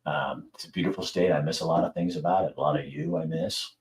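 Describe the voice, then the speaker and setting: A man's voice: rumbling low, steady tone, quick pace, reverberant, rough recording. A middle-aged man hosting a show, talking bluntly and casually, swearing and mimicking people in raised voices. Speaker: host. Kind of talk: casual opinion monologue.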